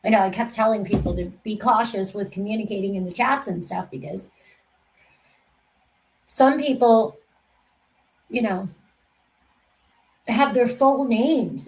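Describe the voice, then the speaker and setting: A woman hosting a casual livestream chat who talks in a soft, rambling way and often trails off. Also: a little high, low-quality recording. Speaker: livestream host.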